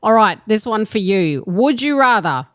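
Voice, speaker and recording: A young Australian woman co-hosting a podcast in casual chat, bantering and quick to laugh. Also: mid-range voice, very animated, dry recording, studio quality. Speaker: podcast co-host.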